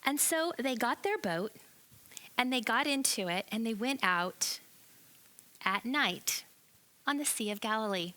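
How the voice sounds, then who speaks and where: Woman children's Bible teacher, lively storyteller, bright and fairly high. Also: unhurried, pauses often, poor audio. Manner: animated, asks the children questions.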